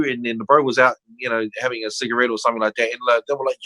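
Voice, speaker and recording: A man's voice: medium pitch, racing, hardly any pauses, dry recording, low-quality recording. An older man with a New Zealand accent, a podcast guest telling stories in casual chat and acting out the voices of people in them. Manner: animated storyteller, acts out quoted voices.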